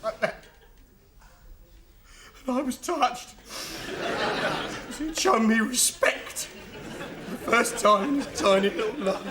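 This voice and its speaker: An actor playing a brash, self-assured pub landlord who blusters and holds forth in a sitcom. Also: male voice, very high voice, lively intonation, slow pace, long pauses, heavy background noise, exaggerated voice. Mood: blustering. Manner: blustering and know-it-all. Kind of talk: sitcom acting.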